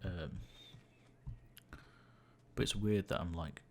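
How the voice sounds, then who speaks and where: A young man in his late teens, with a croaky voice, chatting casually and rambling through a gaming livestream. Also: low voice, slow, a little hiss or hum. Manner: rambling and chatty, with frequent fillers and swearing.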